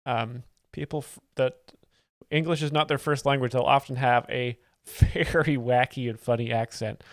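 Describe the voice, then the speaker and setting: Deadpan faux-expert male host. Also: medium pitch, normal speed, dry recording, clean studio sound. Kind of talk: mock-serious joke explaining.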